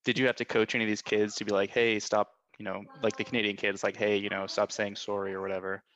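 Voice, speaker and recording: A man's voice: lowish voice, flat delivery, quick pace, fairly bright tone, lo-fi sound. A man hosting a podcast, asking questions in a jokey, hedging way. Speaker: podcast host. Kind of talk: casual podcast interview.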